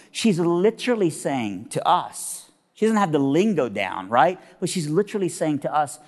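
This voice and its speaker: A male guest preacher with a high, animated voice, spinning a funny story into a sermon point. His delivery is lively and conversational. His voice echoes with a long reverb through a large hall. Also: moderate pace, hardly any pauses. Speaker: guest speaker.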